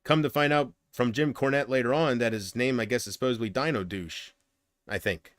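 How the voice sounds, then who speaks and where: A male livestream host with a medium-pitched voice talks fairly quickly in a casual, rambling, profane way, laughing at his own jokes and breaking into loud mocking impressions. There's no room sound.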